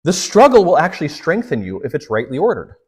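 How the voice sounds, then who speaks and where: A man's voice: on the high side, huge pitch swings, fast talker, breathy edge. A man who is a priest, giving a storytelling lecture and acting out the dialogue in his stories.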